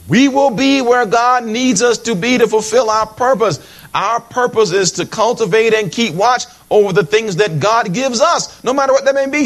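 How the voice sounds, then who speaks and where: Animated, fairly high-voiced male preacher. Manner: animated and humorous, with frequent asides to the congregation; repeats words and restarts phrases while preaching. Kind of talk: sermon.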